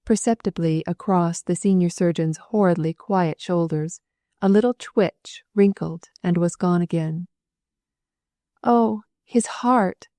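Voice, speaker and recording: A woman narrating a novel as an audiobook, telling the story in an expressive, dramatic way. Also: fairly low pitch, a little slow, no echo.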